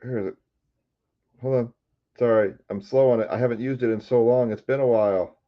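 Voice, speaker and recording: A man hosting a live card break, chatty and excitable, calling out player names and shouting over big pulls. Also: medium pitch, a little fast, dull audio.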